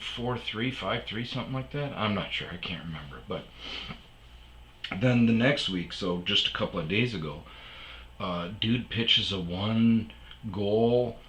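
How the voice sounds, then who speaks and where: A man's voice: deep voice, fairly bright tone, reverberant, slight background noise, poor audio. A man hosting his own podcast, telling a rambling casual story full of fillers and asides. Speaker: podcast host. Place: sparse room at home.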